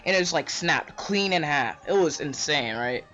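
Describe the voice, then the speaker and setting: A man with a slightly high voice rambles through a casual rant, tagging lines with "bro" and "right?". The mic sounds dull and lo-fi. Faint music plays underneath. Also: expressive, normal speed, sharp tone. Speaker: vlogger.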